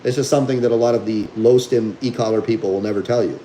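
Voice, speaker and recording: A man's voice: mid-range voice, fairly even intonation, fast, mellow, slight background noise, low-quality recording. A man hosting a livestream as a dog trainer, talking bluntly and combatively while reading viewer comments.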